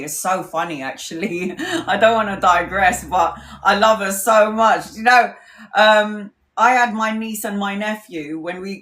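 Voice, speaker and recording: A woman's voice: medium pitch, fairly bright tone. Chatty woman in echoey room. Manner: chatty, laughs often, swears casually. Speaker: tarot reader. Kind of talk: casual storytelling livestream. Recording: roomy echo.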